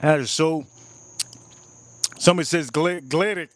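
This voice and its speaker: A man's voice: a little high, a little slow, no room sound. Playful man hosting a whiskey livestream. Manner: repetitive, playful, talks to chat. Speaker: livestream host reviewing whiskey. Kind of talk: casual live-stream chat.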